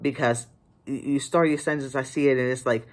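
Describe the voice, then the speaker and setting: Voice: mid-range voice, steady tone, brisk. Emphatic author pleading over writing tips. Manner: emphatic and pleading, with frequent restarts. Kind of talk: casual advice to camera.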